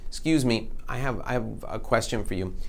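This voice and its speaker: A man's voice: fairly low pitch, fairly quick. A man voicing an impatient male marketing executive who asks pointed, exasperated questions. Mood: measured.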